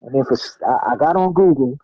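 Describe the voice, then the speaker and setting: A middle-aged man, a podcast guest and martial artist, telling stories in an animated, casual way with many fillers and restarts. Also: medium pitch, fairly quick, no room sound. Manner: animated, lots of fillers and restarts, acts out what people said. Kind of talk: casual storytelling. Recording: dull lo-fi sound, dry.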